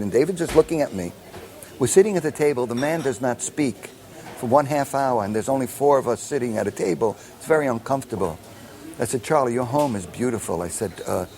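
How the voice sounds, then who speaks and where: An older man, a composer telling a long anecdote and acting out the people in it, with many fillers and restarts. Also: mid-range voice. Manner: animated storyteller acting out quoted dialogue, many fillers and restarts. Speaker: film composer. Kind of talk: anecdotal storytelling in an interview.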